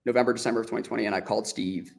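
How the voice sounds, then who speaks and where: A man as a podcast guest, telling a story in a casual, animated way, acting out the dialogue as he goes and often restarting his sentences. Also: fairly low pitch, rapid-fire, gravelly. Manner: frequent restarts and "like" fillers.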